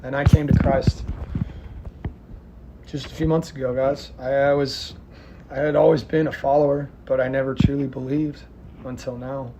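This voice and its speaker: Against a noisy background, a man from the US vents to camera in a furious, expletive-filled vlog. His mid-range voice comes at a moderate pace with a flat delivery, though he swings between shouting and near-whispers.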